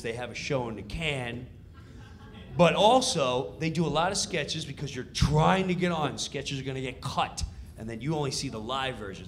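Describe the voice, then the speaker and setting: A comedian tells a backstage story with a bright, forceful voice that sits high for a man. His pitch leaps around as he gets excited. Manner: animated and excitable. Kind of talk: stand-up storytelling.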